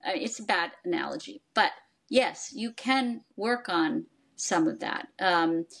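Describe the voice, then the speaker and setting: A woman's voice: fairly low pitch, measured pace, gravelly, fairly bright tone. An older woman, a psychoanalyst, explaining things in conversation and acting out quoted parents. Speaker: psychoanalyst guest. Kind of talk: expert conversation.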